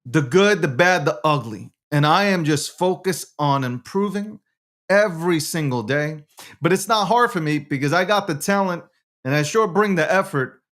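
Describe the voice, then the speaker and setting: A man hosting his own show alone, talking brashly with lots of swearing, swinging from low muttering to loud ranting. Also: animated, normal speed. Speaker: show host. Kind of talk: animated solo monologue.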